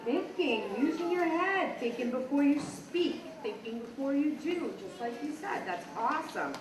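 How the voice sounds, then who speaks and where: Her voice high-pitched and animated at a moderate pace, a woman teacher hands out awards at a school assembly, warmly praising each young student in turn. The recording picks up an echoey hall, crowd noise, and a far-off microphone.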